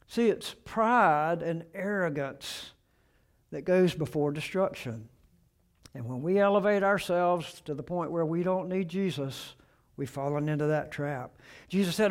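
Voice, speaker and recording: Slow, high-pitched preaching man. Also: animated. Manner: earnest preaching, swelling on quoted questions, dropping soft at the end of points. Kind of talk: sermon.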